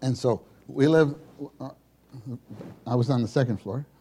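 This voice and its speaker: A man telling a personal story at a church meeting, animated and acting out the people in it. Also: mid-range voice, normal speed, husky. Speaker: speaker sharing a testimony at a church meeting.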